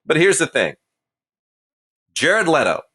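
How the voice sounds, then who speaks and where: Bright-voiced, emphatic man reviewing films. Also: fairly high pitch, wildly swooping pitch, slow, slightly rough. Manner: opinionated, emphatic. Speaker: podcast co-host. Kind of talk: casual review chat.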